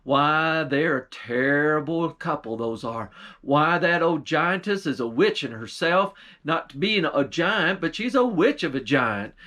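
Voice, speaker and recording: A man's voice: on the high side, expressive, a little slow, bright, forceful tone. A man voicing a fretting, folksy king who talks on in plain country speech. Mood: worried. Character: worried old-fashioned king.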